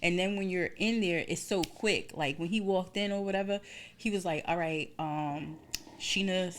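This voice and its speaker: A woman's voice: medium pitch, moderate pace, slight background noise. A young woman co-hosting a podcast, telling a personal story in casual chat and acting out the voices in her quotes. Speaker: podcast co-host.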